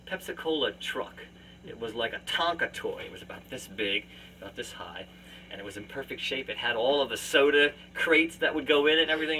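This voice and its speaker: A man's voice: mid-range voice, pushed and bright, far from the mic, a little hiss or hum, poor audio. A man hosting his own show from a family home, telling anecdotes with frequent laughter and acted-out voices. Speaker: podcast host and musician. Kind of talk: casual family storytelling. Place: family home, live remote.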